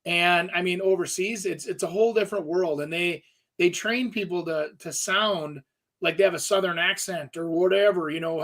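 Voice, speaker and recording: Middle-aged guy on real estate radio, kinda high voice, rambles and restarts a lot. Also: steady tone, normal speed, fairly bright tone. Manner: rambling, restarts, lots of fillers. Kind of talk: casual talk radio chat.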